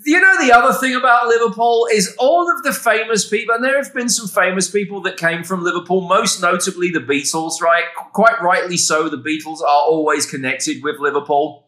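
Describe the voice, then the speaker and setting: A man's voice: high-pitched, fairly quick, hardly any pauses, bright, forceful tone. A man with an English Essex accent, co-hosting a casual podcast and rambling through opinionated rants. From England. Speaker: podcast co-host. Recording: roomy echo.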